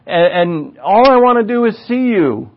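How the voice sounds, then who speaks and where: A man's voice: sits high, big pitch swings, moderate pace, dull audio, pitched above the performer's own voice. A man voicing a weary, devoted male prophet who pleads earnestly. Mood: pleading.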